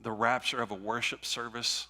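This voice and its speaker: A man's voice: mid-range voice, level tone, normal speed, bright, forceful tone. A male pastor preaching a conversational sermon, repeating phrases and restarting as he builds his points. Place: church sanctuary. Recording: long church hall reverb.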